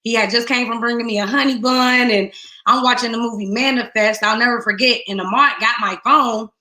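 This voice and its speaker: A middle-aged woman giving a raw, emotional personal testimony. She swings between tearful hushed moments and rising outbursts. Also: on the high side, steady tone, brisk, roomy sound. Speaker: guest speaker.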